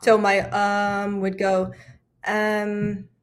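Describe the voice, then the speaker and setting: A woman's voice: mid-range voice, completely flat delivery, extremely slow, smooth. A woman with an American accent coaching accents, encouraging and full of fillers like "um". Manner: encouraging, many fillers, laughs often. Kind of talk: coaching lesson conversation.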